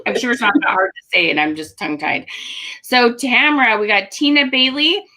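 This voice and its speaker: Woman, host, live webinar, bright clear tone, upbeat, chatty, fillers. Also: fairly high pitch, a little fast.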